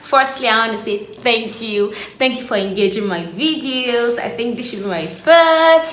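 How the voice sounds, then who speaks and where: A woman in her late twenties, an animated faith vlogger who laughs often as she shares her story. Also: on the high side, normal speed. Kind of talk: casual devotional vlog. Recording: echoey room, faint background hum.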